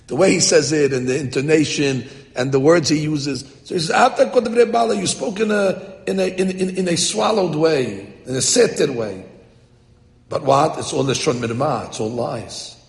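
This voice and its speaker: Male Torah teacher, animated, fairly high gravelly voice, echoey room. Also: normal speed. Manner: animated, translating Hebrew phrases line by line. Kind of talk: text-study lecture. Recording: echoey hall.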